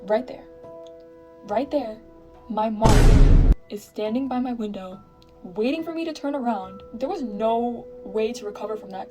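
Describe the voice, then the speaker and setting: A woman's voice: fairly high pitch, recorded from a distance. A woman telling a story in a chatty, self-mocking way, full of "like" fillers. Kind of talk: casual storytime. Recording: voice set back from the mic.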